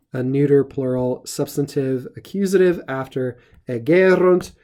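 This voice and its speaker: A middle-aged man teaching Latin, explaining grammar step by step in a measured lesson. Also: mid-range voice, a little mellow.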